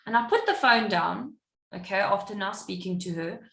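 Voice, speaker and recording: A woman's voice: medium pitch, normal speed, vocal fry, roomy sound. A woman guest on a podcast, telling a personal story in casual chat and acting out what other people said. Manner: animated, acts out what others said. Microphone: podcast microphone.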